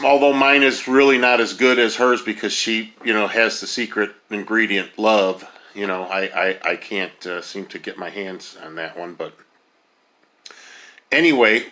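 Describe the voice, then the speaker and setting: A man's voice: fairly low pitch, bright, forceful tone. A man in his fifties hosting a casual cooking video, talking in a rambling way with lots of ums and uhs. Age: 50s. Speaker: home cook host.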